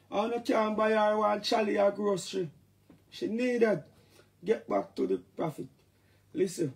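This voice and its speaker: Jamaican guy rambling on a live stream, kinda high voice, shouts little catchphrases. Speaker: dancehall artist talking to fans. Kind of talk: casual live-stream chat.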